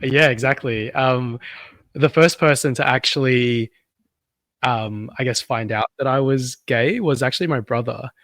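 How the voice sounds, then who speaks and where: A man's voice: mid-range voice, a little slow, no echo. Aussie guy on a podcast, easygoing, laughs a lot, dry sound. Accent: Australian. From Australia. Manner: relaxed, laughs often, conversational storyteller. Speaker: podcast co-host. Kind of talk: casual chat.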